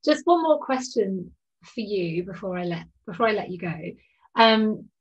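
A woman hosting a podcast interview, enthusiastic and quick to laugh. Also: mid-range voice, lively intonation, husky, lo-fi sound. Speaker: podcast host. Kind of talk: casual interview chat.

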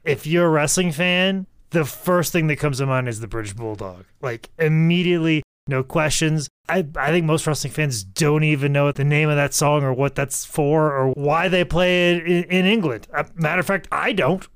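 A man's voice: fairly high pitch, normal speed, few pauses, clear, resonant tone, dry recording. A man co-hosting a comedic podcast, rambling through mock-serious rants. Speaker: podcast co-host.

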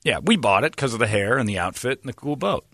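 Lively, bright-voiced male talk host. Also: fast, slightly rough, dry recording, studio quality. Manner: animated storyteller, jumpy pitch, mock voices. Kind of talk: casual studio banter.

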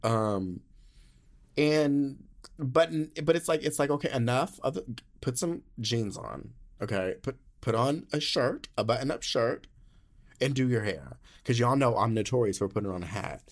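A young man speaks in a sassy, animated podcast monologue, heavy on slang and playful swearing. His voice sits at an ordinary middle pitch and carries a casual, confiding tone, as if chatting with listeners. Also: moderate pace. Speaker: podcast host.

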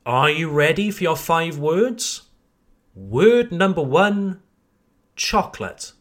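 Guy teaching english pronunciation, kinda high voice, takes it slow and hammers the points. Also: sing-song, a bit bright. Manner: slow, deliberate, emphatic teaching. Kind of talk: podcast lesson for learners.

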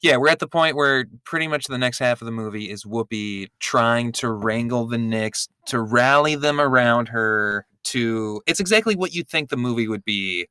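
A man's voice: mid-range voice, animated, normal speed, hardly any pauses, pushed and bright, smooth, dry recording, studio quality. A man co-hosting a podcast, chatting casually and playfully about a movie, joking and dropping into silly voices. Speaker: podcast co-host. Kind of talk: casual movie-recap chat.

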